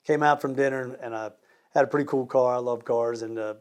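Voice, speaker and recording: Fast-talking, animated storyteller man. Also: mid-range voice. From Maryland, USA. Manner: animated storyteller, acts out both sides of a dialogue. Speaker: business co-owner, guest. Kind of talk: storytelling in an interview.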